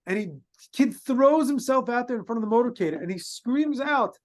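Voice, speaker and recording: Man, rabbi, sermon story, high voice, halting with restarts, hebrew and yiddish words. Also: expressive. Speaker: rabbi giving a talk.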